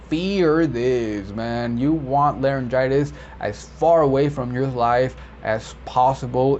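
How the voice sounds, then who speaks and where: Man, medical interpreter, casual explainer, rambling with fillers, slow pace, faint background hiss. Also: mid-range voice. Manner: relaxed, rambling, frequent fillers and self-corrections. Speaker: medical interpreter teaching vocabulary. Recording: slightly dull lo-fi audio with faint background noise.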